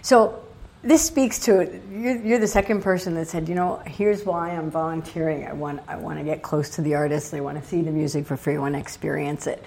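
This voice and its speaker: A woman's voice: sits low, fairly even intonation, a little fast, vocal fry, mellow. A woman interviewing a festival volunteer, interested and encouraging.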